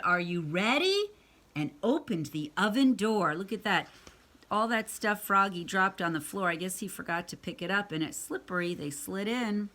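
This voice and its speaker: A woman's voice: medium pitch, bright, forceful tone. A woman reading a picture book aloud to children, adding chatty asides and questions for her young listeners. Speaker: read-aloud storyteller.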